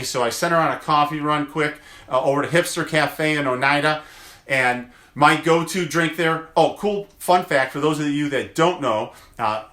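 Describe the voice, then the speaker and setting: A man's voice: mid-range voice, moderate pace, pushed and bright, roomy sound. A man, a chiropractor, chatting casually in a daily video, telling rambling family stories with lots of fillers. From United States. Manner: rambling storyteller, many fillers.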